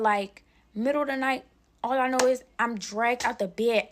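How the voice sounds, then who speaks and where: A young woman spins a casual storytime for her viewers, chatting to them directly while she braids her hair. Her voice sits a little high and carries a gravelly fry. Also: a little hiss or hum. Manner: chatty, talks straight to viewers as "y'all".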